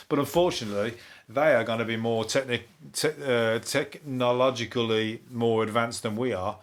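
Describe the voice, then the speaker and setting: A man, a comedian hosting a topical comedy podcast, ranting in a rambling, sweary, deadpan way. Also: mid-range voice, normal speed. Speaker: comedian host.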